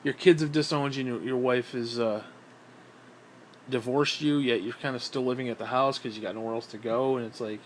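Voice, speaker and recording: A man's voice: medium pitch, fairly even intonation, a little fast, slight background noise. A middle-aged man in a casual monologue, ranting in a bitter, profane, rambling way. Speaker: vlogger.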